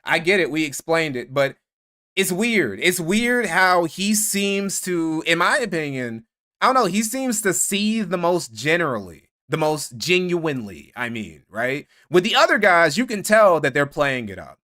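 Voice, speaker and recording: A man's voice: on the high side, big pitch swings, a little slow, pushed and bright. A man streaming commentary, swearing freely, mocking his targets and thanking donors. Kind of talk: casual live-stream commentary.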